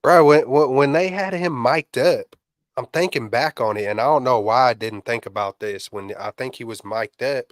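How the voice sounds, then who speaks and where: Male co-host, mid pitch, slangy casual delivery, dry recording. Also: moderate pace, no echo. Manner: loose, slangy, repeats himself. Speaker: podcast co-host. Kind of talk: casual sports chat.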